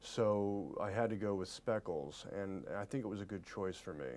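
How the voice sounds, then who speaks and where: A man in his forties giving a press interview as an actor, earnest and halting, often repeating his words. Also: lowish voice, a little mellow.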